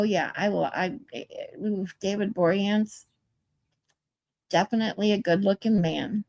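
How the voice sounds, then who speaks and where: In a dry recording, a woman with a fairly high-pitched voice hosts a livestream. Short on sleep, she chats loosely with live viewers and reads their comments out loud.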